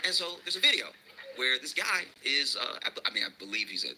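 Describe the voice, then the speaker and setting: A man's voice: medium pitch, very animated, fairly quick, noisy background. A man doing a stand-up comedy routine. He tells a rambling story and often laughs through his own lines.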